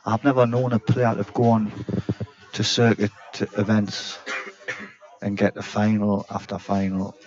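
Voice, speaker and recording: A man's voice: on the low side, little pitch movement, measured pace, darkish tone, lo-fi sound. A man from South Shields, co-commentating live on a pool match in a sports bar, using tag questions and calling people mate. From South Shields, England.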